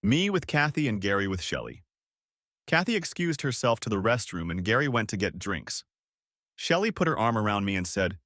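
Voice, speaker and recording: A man narrating a first-person story as an audiobook reader with a steady storytelling manner. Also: lowish voice, normal speed, dry recording, clean studio sound.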